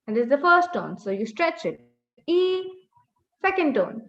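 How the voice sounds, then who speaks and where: A woman leads an online class and drills each word slowly and patiently, correcting pronunciation again and again. Her voice is high and bright. It comes over an echoey, dull video-call line. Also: very animated. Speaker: language teacher. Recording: echoey, dull webinar audio.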